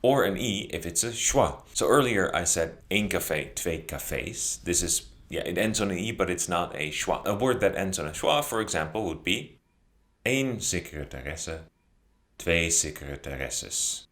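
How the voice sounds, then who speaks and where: A very deep-voiced man teaches a beginner grammar lesson. He talks his viewers through the rules and slows right down to say each example word clearly and patiently. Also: lively intonation, fairly bright tone. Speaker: Dutch language teacher.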